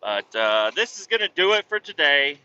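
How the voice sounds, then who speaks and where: A man in his thirties chats through a vlog about his kids and his trucking job, his voice bright and cutting with a lively, swooping pitch. He swears casually and slips into his kids' voices. The sound is dull and lo-fi. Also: normal speed, slight background noise. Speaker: vlogger, truck driver.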